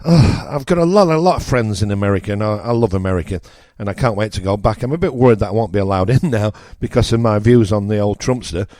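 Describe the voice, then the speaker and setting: A radio host with a northern English accent holds forth in a blunt, ranting monologue, hammering his points with repetition. His voice sits on the low side, and the recording is dry and close with no room around it. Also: fast talker, hardly any pauses, darkish tone, dry recording. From northern England. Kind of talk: opinionated political monologue.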